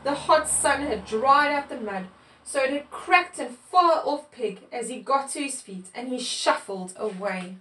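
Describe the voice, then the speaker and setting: A woman with a high voice reads a children's picture book aloud at an unhurried pace, expressive and clear in her storytelling. The room adds a noticeable echo, and she sits some way from the mic. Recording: echoey room, mic far off.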